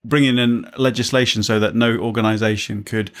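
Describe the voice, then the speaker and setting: A man's voice: lowish voice, steady tone, brisk. A man co-hosting a casual chat podcast, rambling and jokey as he thinks aloud. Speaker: podcast co-host.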